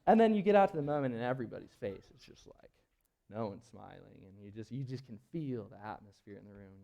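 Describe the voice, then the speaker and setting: A man's voice: mid-range voice, lively intonation, fast, gravelly, mellow, dull audio. A man who is a search and rescue team member, telling a story during a live presentation in an auditorium in a casual, rambling way full of fillers and restarts. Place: auditorium at a public event.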